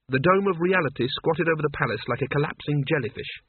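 Husky man reading a story, tinny line. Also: a little high, quick pace, no echo. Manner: expressive storytelling. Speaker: audiobook narrator. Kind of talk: scripted narration. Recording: tinny phone-like dry audio.

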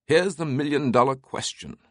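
A man's voice: on the high side, moderate pace, no echo, pitched above the performer's own voice, close to an everyday voice. Man putting on a chuckling aristocrat, older, scheming, raised voice, dry sound. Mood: wry. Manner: chuckling, grandly amused.

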